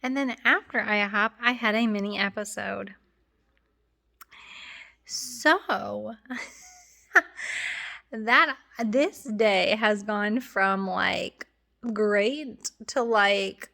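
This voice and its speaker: A woman's voice: mid-range voice, drawn-out words, creaky, pauses often, sharp tone. Chatty young woman vlogging, stuffy nose. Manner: rambling, many fillers and restarts. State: congested, runny nose. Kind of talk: casual chat to camera.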